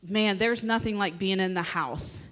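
A woman's voice: mid-range voice, measured pace, fairly bright tone. Chatty woman making church announcements. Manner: chatty and laughing, with many fillers. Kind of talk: casual announcements from the pulpit. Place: church sanctuary.

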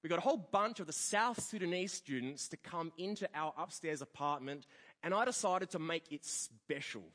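A high-voiced man preaches a sermon with wide, animated swings in pitch. He acts out quoted voices as he tells his story. His voice rings with the long reverb of a church hall. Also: normal speed. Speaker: pastor.

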